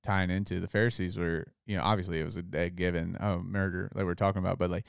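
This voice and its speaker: A man's voice: low-pitched, level tone, fast talker, gravelly, clear, resonant tone, dry recording, studio quality. A man co-hosting a casual Bible study talk, agreeing often and adding points with many fillers. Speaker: podcast co-host.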